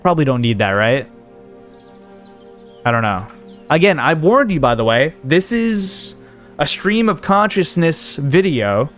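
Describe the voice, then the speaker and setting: A man's voice: fairly high pitch, sing-song, unhurried, long pauses, fairly bright tone, soft background music. A man hosting a gaming video, rambling and thinking aloud as he sorts through his inventory, with a case of the hiccups. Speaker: gaming channel host. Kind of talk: casual let's play commentary.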